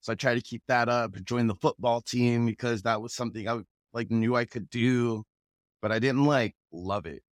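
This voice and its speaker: A guest who raps and acts tells stories in a relaxed, conversational way, chuckling often and acting out the voices he quotes. He's from the Pacific Northwest of the USA, with a mid-range voice at a moderate pace. The sound is dry, with no room echo.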